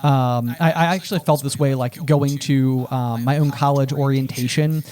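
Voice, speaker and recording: A man's voice: mid-range voice, steady tone, moderate pace, darkish tone. A man co-hosting a book podcast, chatting casually with many fillers and playful quoted voices. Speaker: podcast co-host. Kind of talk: casual book-discussion chat.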